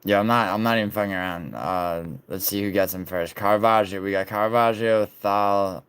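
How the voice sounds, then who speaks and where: A man's voice: fairly low pitch, steady tone, fairly quick, a bit bright, smooth. A man streaming live, casually reading and bantering with viewers' messages in a loose, profane way.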